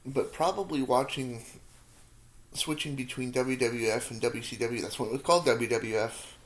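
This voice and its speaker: A man's voice: mid-range voice, moderate pace. A man in his thirties, answering viewer questions in a rambling, self-deprecating way while eating hot peppers, sometimes with his mouth full. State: mouth full, feeling spicy heat.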